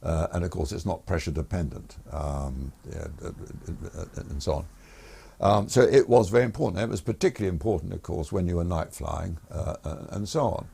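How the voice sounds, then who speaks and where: Older ex-pilot guest, deep gravelly voice, rambling anecdotes. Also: male voice, a little fast, warm tone. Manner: rambling, self-correcting, chuckles while telling stories. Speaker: guest, retired air force pilot. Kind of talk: anecdotal interview storytelling.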